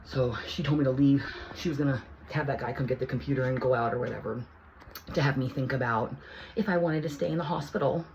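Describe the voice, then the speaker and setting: A woman vlogger telling a personal story in a heated, profane, rambling way. She keeps restarting her sentences and swings between hushed asides and near shouting. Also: very deep voice, quick pace, a little hiss or hum, poor audio. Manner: rambling with many restarts and fillers.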